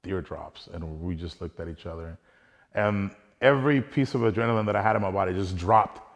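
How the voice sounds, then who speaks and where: A man's voice: deep voice, a little fast, big-room sound. A man earnestly telling a personal hunting story in a casual, conversational way, acting out bits of dialogue as he goes.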